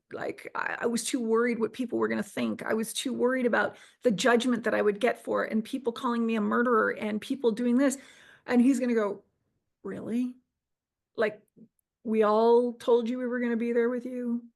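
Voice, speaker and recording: Middle-aged woman guest, higher voice with a gravelly fry, recounting her experience earnestly. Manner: earnest, restarts and quotes herself. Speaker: interview guest. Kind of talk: personal storytelling.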